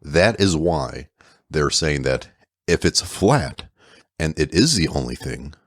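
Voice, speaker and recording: A man's voice: a bass voice, animated, takes it slowly, no echo, studio quality. A man co-hosting a casual podcast, explaining with playful jokes and sound effects. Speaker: podcast co-host.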